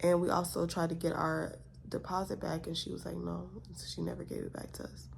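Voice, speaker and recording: A woman's voice: fairly low pitch, flat delivery, fairly quick, gravelly, a little hiss or hum. A young woman vlogger telling a story in a casual, exasperated way, full of rhetorical questions.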